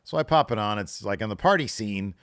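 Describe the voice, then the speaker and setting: Low-voiced man, rambling and chatty. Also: lively intonation, fairly quick, fairly bright tone, dry recording, clean studio sound. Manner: chatty, rambling, many fillers like "like" and "you know". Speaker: podcast co-host. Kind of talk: casual chat.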